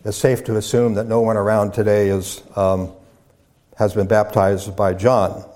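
A man in the pulpit giving a teaching sermon. He speaks at a measured pace, circling back and repeating words as he lays out each point, with the occasional filler between phrases. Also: fairly low pitch, flat delivery, darkish tone. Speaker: pastor. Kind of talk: sermon lecture.

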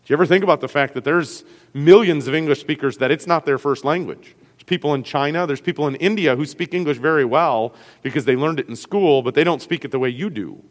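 Great Lakes pastor teaching, chatty. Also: male voice, on the high side, fast talker, long reverb tail. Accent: Great Lakes American. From US Great Lakes region. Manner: conversational, checks in with listeners often. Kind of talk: classroom teaching on Scripture.

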